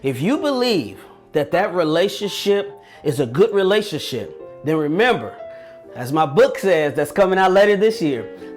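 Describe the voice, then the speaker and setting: A man's voice: sits high, big pitch swings, moderate pace, faint music behind. A man giving an earnest motivational talk with a preaching tone. He speaks straight to his listeners, repeating and restarting words as he goes. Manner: addresses listeners directly.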